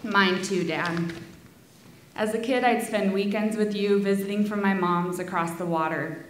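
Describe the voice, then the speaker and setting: A woman reading a heartfelt memorial tribute to her father, with soft laughs between lines, in a school auditorium. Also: mid-range voice, fairly even intonation, unhurried, a little hiss or hum. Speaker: daughter giving a eulogy. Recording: echoey hall.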